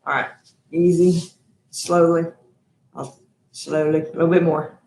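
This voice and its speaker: A woman's voice: fairly low pitch, fairly even intonation, normal speed, pauses often, a little mellow, roomy sound, a little hiss or hum. A woman hosting a live cooking stream from her home kitchen, chatty and effusive, calling her viewers y'all. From Texas. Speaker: cooking show host.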